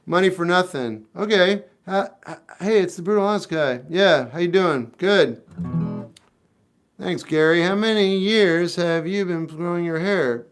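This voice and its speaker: A man's voice: high voice, measured pace, clear, resonant tone. A man in his fifties, a singer-songwriter chatting casually on a livestream, answering comments in a blunt, wry, offhand way. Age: 50s. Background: guitar playing.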